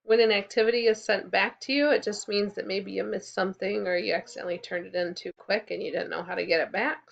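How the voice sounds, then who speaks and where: A woman teaching a kindergarten class in a recorded lesson, speaking clearly and encouragingly and prompting the children to repeat after her. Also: medium pitch, highs cut off.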